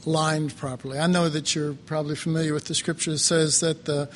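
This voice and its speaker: A man preaching a sermon slowly and reflectively, pausing often and restarting his phrases. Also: a little high, little pitch movement, a little hiss or hum. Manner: slow, halting, reflective, with many pauses and fillers.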